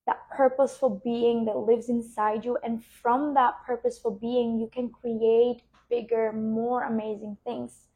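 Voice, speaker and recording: A woman podcast host and business coach, speaking slowly and soothingly as she guides a relaxation and coaching reflection. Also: a little high, mellow.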